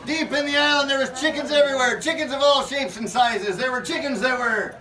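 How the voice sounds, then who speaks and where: A man's voice: very high-pitched, a little fast, crowd noise. A man improvising a silly comic story with an audience, playful and often laughing mid-sentence, outdoors at a faire. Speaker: costumed pirate storyteller at a faire. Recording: distant, noisy outdoor faire recording.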